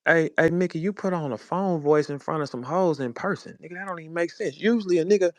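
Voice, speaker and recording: A battle rap personality from St. Louis, USA, a man in his forties, hosts his own show with a heated, profane, mocking monologue. His voice is on the high side and quick, in a dry recording.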